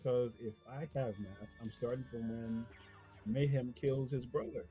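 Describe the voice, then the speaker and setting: A man's voice: mid-range voice, fairly even intonation, unhurried, warm tone, soft background music. A man co-hosting a podcast in casual chat, joking bluntly with mock indignation. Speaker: podcast co-host.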